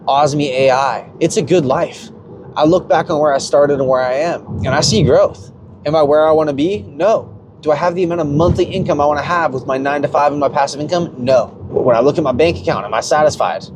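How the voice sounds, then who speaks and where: A young man ranting unscripted about crypto as a YouTuber, rambling, profane and confessional, with vehicle noise behind him. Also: on the high side. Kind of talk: unscripted rant.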